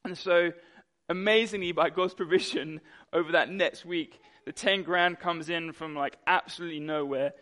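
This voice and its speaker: A young man delivers a sermon. He tells a personal story with animation, acting out the people in it. His voice sits slightly high for a man. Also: steady tone, moderate pace, few pauses, fairly bright tone. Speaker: pastor.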